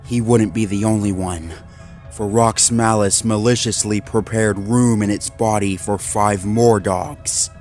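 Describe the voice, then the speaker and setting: A man reading a horror story aloud in a measured, dramatic voice-over. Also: lowish voice, steady tone, darkish tone. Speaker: narrator. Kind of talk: scripted horror story narration. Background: faint background music.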